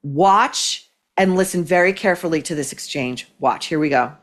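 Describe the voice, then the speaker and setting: A woman host with a slightly low voice delivers biting commentary. She talks in a rush of opinion, restarting sentences as her thoughts race ahead. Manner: scathing, fast-flowing, with many restarts.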